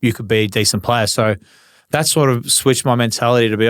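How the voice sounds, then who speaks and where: Aussie ex-footballer guest, 40s, casual and crude, smooth resonant tone, dry close mic. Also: male voice, mid-range voice, brisk, dry recording. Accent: Australian. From Australia. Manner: laid-back, swears freely, acts out old arguments. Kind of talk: casual storytelling interview.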